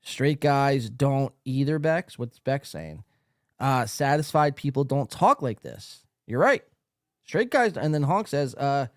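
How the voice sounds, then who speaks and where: A male host riffs through a late-night live stream, loud and profane and quick to mock. His pitch leaps up and down as he talks. The sound is close and dry, with no room around it. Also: expressive, no echo. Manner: loud, mocking, profane, laughs often. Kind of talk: casual live stream commentary.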